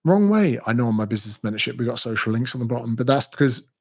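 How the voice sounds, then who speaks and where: Casting: male coach, mid pitch, blunt and profane, tells anecdotes. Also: flat delivery, rapid-fire, creaky. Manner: blunt, sweary, storytelling. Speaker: fitness business coach. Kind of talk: direct-to-camera business advice.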